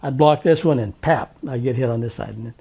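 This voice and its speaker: A man from Washington state recounting his past in an oral history interview, unhurried and wry, with plenty of ums and uhs. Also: medium pitch, vocal fry, slightly rough, muffled recording. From Tri-Cities, Washington, USA. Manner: unhurried, wry storytelling with many fillers.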